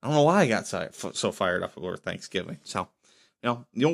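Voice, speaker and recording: A man's voice: mid-range voice, lively intonation, fairly quick, vocal fry, fairly bright tone. A man hosting his own podcast, rambling through sports and the news in a blunt, opinionated way. His voice sits in an ordinary middle register, and he works himself up into mock outrage before settling back down. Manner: blunt, opinionated, gets fired up. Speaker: podcast host. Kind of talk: casual solo podcast rant.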